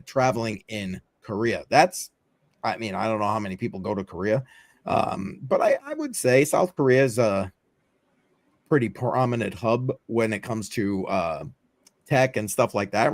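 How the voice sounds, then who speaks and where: Hosting a loose crypto news livestream, this man chats talk-show style, wandering off on offhand asides packed with fillers. His pitch is middling, and the recording sounds dry and close.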